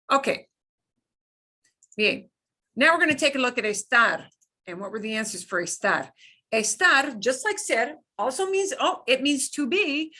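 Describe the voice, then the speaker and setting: Slow, bright-voiced woman teaching Spanish. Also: on the high side. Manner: patient, explains slowly with examples and repetition. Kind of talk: classroom lesson.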